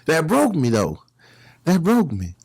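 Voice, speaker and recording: Middle-aged man, lively storyteller, dry close mic. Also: on the high side, measured pace, husky, no echo. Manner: animated storyteller acting out others' voices. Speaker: guest, former gang leader. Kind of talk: storytelling in a podcast interview.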